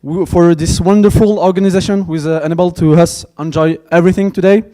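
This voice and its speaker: A man with a French accent, a native French speaker, giving a hesitant opening speech at a conference and thanking sponsors, with many pauses and fillers. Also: high voice, fairly even intonation, warm tone. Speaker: conference organizer. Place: conference hall.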